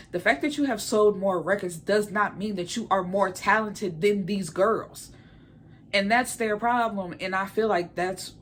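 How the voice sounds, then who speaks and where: A woman's voice: mid-range voice, slight background noise. A woman giving a blunt, heated, opinionated recap of a reality show in casual commentary. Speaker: reality TV reviewer.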